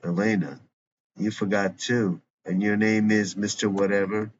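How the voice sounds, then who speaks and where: A man's voice: lowish voice, fairly even intonation, measured pace, husky. A man reading the part of a dry, wry older grandmother on a date. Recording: dull lo-fi recording with faint hiss.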